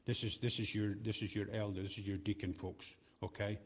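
A man's voice: lowish voice, flat delivery, a little fast, slightly rough. A middle-aged man preaching a sermon in a chatty, joking way, often repeating words as he restarts his sentences. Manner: chatty, joking asides to the congregation. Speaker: lay preacher.

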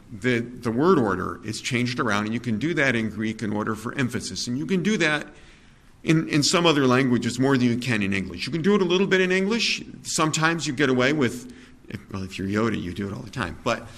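A man preaching a sermon in a conversational, digressive way, with fillers, self-corrections and soft chuckles at his own asides. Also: medium pitch.

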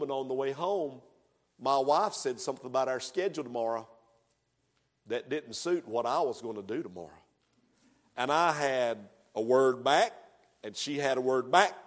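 A man preaching a sermon as pastor, building to loud, emphatic passages. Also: mid-range voice. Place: church sanctuary. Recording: long echoing reverb of a church hall.

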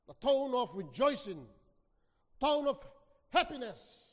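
A man preaching a sermon, reading scripture dramatically, with sudden swings between near-hushed lines and shouted ones. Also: very high voice, big pitch swings, takes it slowly, long pauses. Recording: long hall reverb.

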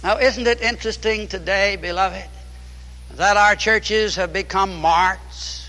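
High, bright-voiced preacher in a hall. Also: male voice, steady tone, measured pace. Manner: emphatic, repeats key phrases. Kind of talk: fiery sermon.

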